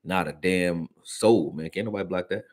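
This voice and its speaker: A man's voice: sits low, normal speed, darkish tone. A man hosting a casual sports reaction stream, talking loosely in slang and answering his viewers as he goes. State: hiccups. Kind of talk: casual live-stream commentary.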